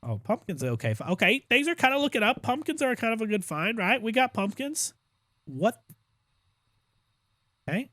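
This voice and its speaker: A young man giving casual gameplay commentary as a streamer, chatty, with exaggerated complaints and excited outbursts. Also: high voice, normal speed, long pauses, no room sound. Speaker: gaming streamer.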